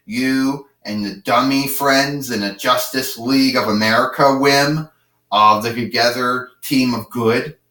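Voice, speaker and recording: A cocky wrestler rambles through mocking trash talk, as a man puts him on. He talks slowly and carries echo from a roomy space, a little off the mic. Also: mid-range voice, fairly bright tone, far from the mic. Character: brash, rambling male pro wrestler.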